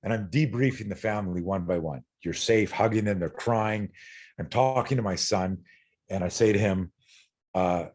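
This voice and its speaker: Blunt, low-voiced middle-aged man. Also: moderate pace, a little mellow. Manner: blunt and earnest, swears freely, repeats words when stirred. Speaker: self-defense instructor, podcast guest. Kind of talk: candid interview storytelling.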